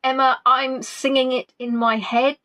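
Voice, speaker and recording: A woman's voice: sits high, level tone, a little slow, pushed and bright. A woman hosting a casual quiz stream, chatty and playful as she reads out viewers' answers. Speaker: quiz host.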